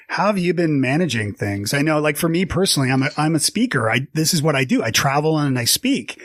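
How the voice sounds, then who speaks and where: A man's voice: medium pitch, no room sound. A man hosting a podcast interview, chatty and loose with many fillers. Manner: warm, chatty, lots of fillers. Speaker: podcast host. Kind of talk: interview conversation.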